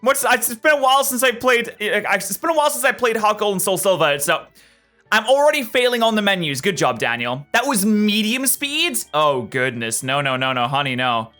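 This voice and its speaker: A young man hosting a let's play, chatting through the game with excitable, jokey remarks. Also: sits high, normal speed, faint music behind. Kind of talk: gameplay commentary.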